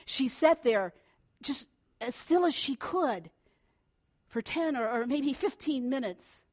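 Older woman preacher, slightly high voice, storytelling sermon that drops to a hush and swells again. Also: animated, slow pace. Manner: storytelling, swings between hushed and loud.

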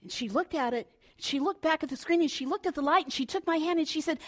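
An older woman preaching a sermon, telling a family story with swings between hushed and loud delivery. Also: sits high, animated, a little fast.

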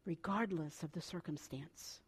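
An older woman preaching a sermon, telling a family story with swings between hushed and loud delivery. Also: deep voice, measured pace, slightly rough.

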